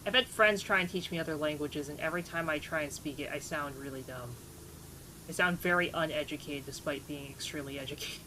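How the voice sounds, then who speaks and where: Chatty woman streamer, lowish voice. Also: brisk, a little hiss or hum. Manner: chatty, laughs at herself, greets chat warmly. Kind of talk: casual live-stream chat.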